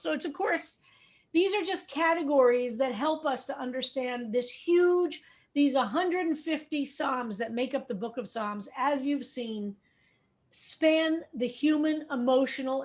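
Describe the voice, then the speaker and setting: A middle-aged woman, a rabbi teaching a text study class over a video call, explaining step by step and repeating key points. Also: high voice.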